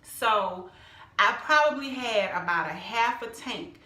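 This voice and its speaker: A middle-aged woman, telling a personal church testimony in an emphatic, animated way and calling her viewers "y'all". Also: on the high side, takes it slowly, roomy sound. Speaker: vlogger sharing a personal testimony. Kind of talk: casual storytelling testimony.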